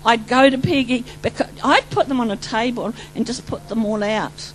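A woman preacher gives an excited, rambling testimony sermon. Her voice sits high and swings from loud exclamations to hushed asides. A faint hum runs underneath. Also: moderate pace, poor audio. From New Zealand.

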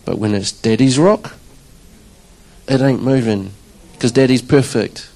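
An unhurried church drummer with a mid-range voice gives the congregation a conversational testimony, captured on a low-quality recording. He animates the story by acting out quotes of his own reactions.

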